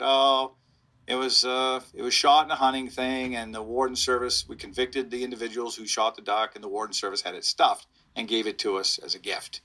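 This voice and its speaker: This is a middle-aged man, a police spokesman, recounting a story in a relaxed interview. His voice is husky with a forceful, bright edge. He rambles and chuckles at his own tale as he goes. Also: fairly low pitch. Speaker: police officer, public information officer.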